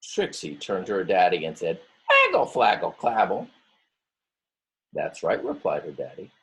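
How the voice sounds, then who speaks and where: Reading a picture book to his students, this male teacher draws out words, acts out the story voices, and often pauses to explain things to the class. He speaks a little fast in a low-pitched, husky voice with a slightly mellow quality.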